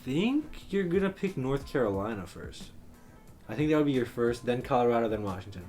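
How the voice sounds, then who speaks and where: A young man firing off quick, teasing remarks as co-host in a relaxed chat. His speech is fast and casual, with faint music in the background. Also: mid-range voice. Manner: teasing, quick back-and-forth. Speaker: producer and co-host.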